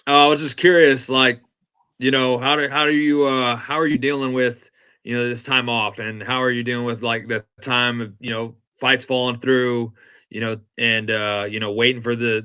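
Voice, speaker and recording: A man hosting a podcast, asking questions in a casual, halting way with lots of fillers. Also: mid-range voice, level tone, sharp tone, clean tone, muffled recording. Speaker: podcast host.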